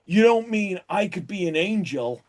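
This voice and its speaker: A man's voice: sits high, lively intonation, moderate pace, pitched above the performer's own voice. A man putting on a breezy, drawling surfer-dude angel in an improvised movie remake. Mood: laid-back.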